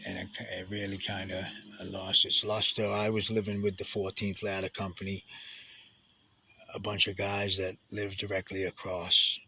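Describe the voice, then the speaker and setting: A middle-aged man tells his own story in a confessional way. His voice is tense and bright-edged, with a raspy grain and a low, gravelly texture. He speaks haltingly, with many restarts and fillers, and sometimes drops to a hushed near-whisper. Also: monotone, rough recording. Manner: sinks to a hushed near-whisper at heavy moments.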